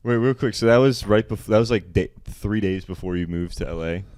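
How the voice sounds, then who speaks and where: A man's voice: fairly low pitch, a little fast, a little mellow, smooth, no room sound, clean studio sound. A man co-hosting a casual podcast, laid-back, reacting with short wry remarks. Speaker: podcast co-host. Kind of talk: casual chat.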